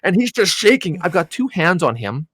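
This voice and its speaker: A man co-hosting a podcast, telling a story in a casual, animated way. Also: high voice, normal speed, breathy edge, dry recording. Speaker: podcast co-host.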